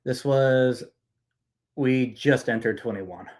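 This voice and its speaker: A young man chatting loosely on a podcast, spinning a story with plenty of swearing and "dude" in every other line. His voice sits at an ordinary middle pitch, relaxed and unpolished. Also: slow. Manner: storytelling, heavy profanity, lots of "dude". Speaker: podcast guest. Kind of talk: casual chat.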